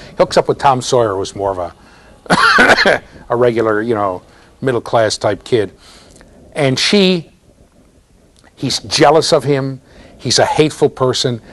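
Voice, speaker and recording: Animated male lecturer with a lively voice. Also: mid-range voice. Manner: animated storytelling with frequent rhetorical "right?" and "okay?". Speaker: university lecturer. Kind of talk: classroom lecture. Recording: 2009 lecture hall recording.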